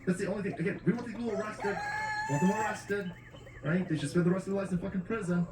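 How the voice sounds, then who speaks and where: A man's voice: high-pitched, fairly even intonation, fast, heavy background noise. A man ranting in profane, indignant reaction commentary as host, recorded at a poultry farm. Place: farmyard with poultry. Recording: echoey, distant mic, chickens clucking behind.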